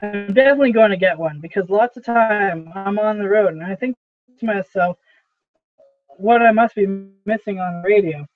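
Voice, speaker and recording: A man reading the part of a brisk, dismissive young male boss who chats offhandedly. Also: high-pitched, no room sound, soft background music, lightly acted. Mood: enthusiastic. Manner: chatty, offhand. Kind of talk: amateur play reading. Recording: tinny phone-like audio.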